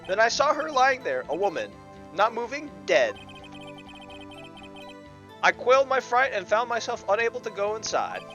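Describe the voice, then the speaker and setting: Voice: medium pitch, fairly bright tone, muffled recording, voice pushed up. An amateur fan dubber voicing a sleazy male newspaper salesman in a video game, with an attempted New York accent.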